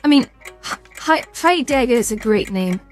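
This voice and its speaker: A woman's voice: fairly high pitch, expressive, moderate pace, over music. A young British woman streaming a quiz game, chatting casually, reading questions aloud and stumbling over hard words with a self-mocking, swearing manner.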